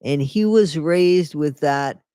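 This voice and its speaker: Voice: medium pitch, slow pace, dark tone, smooth, no echo, clean studio sound. A host reading a memoir aloud, breaking in with mocking, sarcastic comments and frequent laughter.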